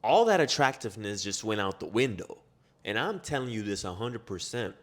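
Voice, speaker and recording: Man, motivational speaker, blunt, swears freely, rapid rhetorical questions, lowish voice. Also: animated. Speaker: self-improvement speaker. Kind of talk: motivational monologue.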